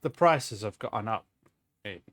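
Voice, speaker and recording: A man voicing a gruff, folksy Southern tobacco shopkeeper with a Southern accent and salesman patter, in a tabletop role-play game. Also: fairly low pitch, lively intonation, moderate pace, voice pushed down.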